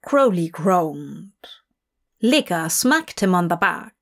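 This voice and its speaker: Slow, measured woman narrator. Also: lowish voice, very animated, vocal fry, fairly bright tone. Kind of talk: audiobook narration.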